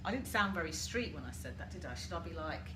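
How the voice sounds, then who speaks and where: British woman, live-stream coach, animated delivery, roomy home audio with faint appliance hum. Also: low voice, fast talker. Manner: chatty, asks listeners reflective questions and greets viewers. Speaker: coach hosting a live group session. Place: home, washing machine running nearby. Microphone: laptop or phone camera for a live stream.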